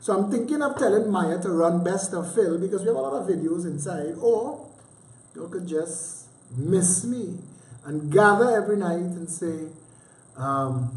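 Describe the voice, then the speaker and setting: A man's voice: sits high, lively intonation, a little slow, darkish tone. A Trinidadian man hosting a livestream, chatting casually with teasing, sarcastic asides and heavy dialect. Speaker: livestream host. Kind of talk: casual rambling commentary. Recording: roomy echo.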